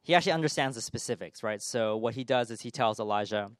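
A man preaching a sermon in church, his voice swelling loud on big points and dropping soft on gentle ones. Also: medium pitch, fast talker, clean tone, no echo, clean studio sound.

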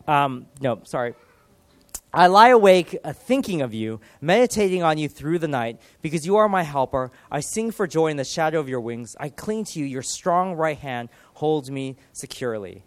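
A man in his thirties preaching a sermon, earnest and animated, swinging from loud emphasis to soft, quiet lines. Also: a little high, normal speed, no room sound. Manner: earnest, animated, with dramatic shifts in loudness. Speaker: pastor.

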